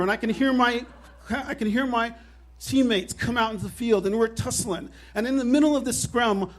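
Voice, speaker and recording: On stage at a live show, a man in his fifties with a very high-pitched voice tells a personal story, animated and wry, leaning on self-deprecating humor.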